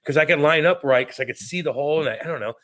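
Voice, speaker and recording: A man in his thirties co-hosting a podcast, telling stories in a profane, animated, casual way. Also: on the high side, racing. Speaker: podcast co-host. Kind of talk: casual chat.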